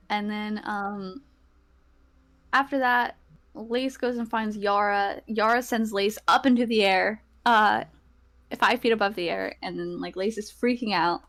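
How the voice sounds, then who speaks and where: A woman's voice: medium pitch, fairly even intonation, a little slow, fairly bright tone. A woman giving a rambling, casual recap of the last tabletop game session, full of fillers and acted-out lines from her friends.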